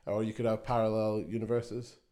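A man co-hosting a podcast, with a fairly low voice. He explains science in a plain, dry, matter-of-fact way, like a teacher used to giving answers. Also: flat delivery, a little fast, dark tone. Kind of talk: casual chat.

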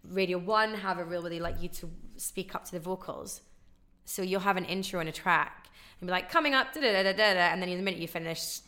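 A woman, a radio DJ, telling stories fast in casual chat and acting out the people she quotes. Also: fairly low pitch. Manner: fast, animated storytelling with acted-out quotes. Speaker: radio DJ guest.

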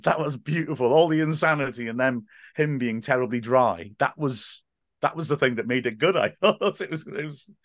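Chatty football commentator. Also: male voice, medium pitch, fairly bright tone, no echo, clean studio sound. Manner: chatty storyteller with many restarts. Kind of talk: casual podcast chat.

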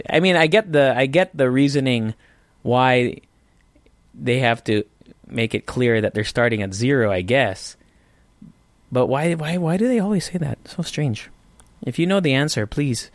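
A man's voice: mid-range voice, no room sound. A man with a Filipino English accent hosting a casual solo podcast from his apartment, rambling and chatty with self-deprecating humor. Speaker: podcast host.

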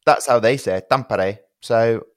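A man's voice: on the low side, moderate pace, no echo, clean studio sound. A man who is a comedian guest on a podcast, telling rambling stories and laughing often. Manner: giggly, rambling storyteller. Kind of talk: casual comedy chat.

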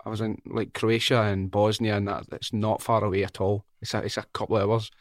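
A man's voice: lowish voice, level tone, fairly quick, no room sound, studio quality. A man hosting a podcast interview who asks questions in a hesitant, reflective way. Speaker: podcast host.

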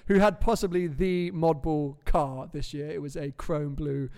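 A man's voice: a little high, fairly even intonation, a little mellow, clean tone. A young man hosting a live podcast in a chatty, joking manner. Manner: chatty, jokey, quick asides. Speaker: podcast host. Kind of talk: casual live podcast chat.

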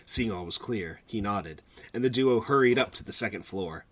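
A man's voice: fairly low pitch, animated, moderate pace. A man hosting a podcast, reading a story he wrote years ago and breaking off with laughing asides. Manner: laughs often, interrupts his own reading with asides. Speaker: podcast host reading his old story. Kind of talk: casual chat with read-aloud fiction.

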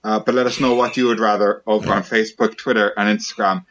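A man's voice: fairly low pitch, fairly even intonation, quick pace, fairly bright tone. A man hosting a podcast, chatting casually with friends and reading out questions with a dry, joking manner. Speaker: podcast host. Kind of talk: casual chat. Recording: dull lo-fi sound.

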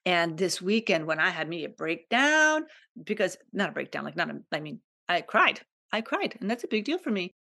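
A woman's voice: lowish voice, very animated, normal speed, vocal fry, sharp tone. Candid, emotional woman podcast host. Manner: candid, emotional, repetitive, confiding. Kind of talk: personal monologue podcast.

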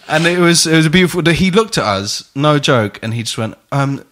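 A young English man hosting a podcast, telling a story in animated casual chat, laughing, swearing and acting out the people in it. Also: a little high, normal speed. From England. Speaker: podcast host.

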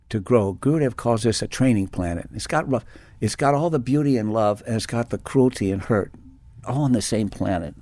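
A man's voice: lowish voice, warm tone, dry recording. A man giving a reflective spiritual talk, telling personal stories with many restarts and fillers. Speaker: spiritual teacher.

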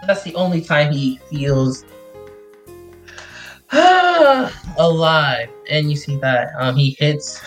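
A chatty game master who narrates a tabletop session with a loose, joking delivery. The voice sits at a middle pitch with faint music underneath. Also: fairly even intonation, a little slow, hardly any pauses, low-quality recording.

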